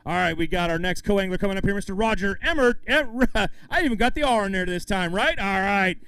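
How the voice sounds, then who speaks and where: A man's voice: sits high, a little fast, fairly bright tone, smooth, no room sound. A man emceeing a live fishing tournament weigh-in outdoors, hyping up the crowd and the anglers as he calls out weights. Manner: upbeat, hypes up the crowd and anglers.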